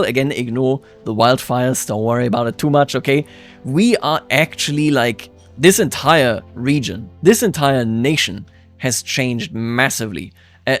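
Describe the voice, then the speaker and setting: A man hosting a strategy game let's-play, chatting and musing aloud as he plays, his voice jumping up when excited. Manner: chatty, musing aloud, quick jumps of pitch and loudness. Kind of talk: game commentary.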